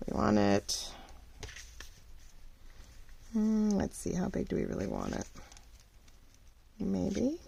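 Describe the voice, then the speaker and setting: A woman's voice: medium pitch, slow, gravelly, pauses often, husky. Chatty woman crafting at home. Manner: chatty and rambling, many fillers, lively ups and downs. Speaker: craft vlogger and shop owner. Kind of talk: casual crafting chat.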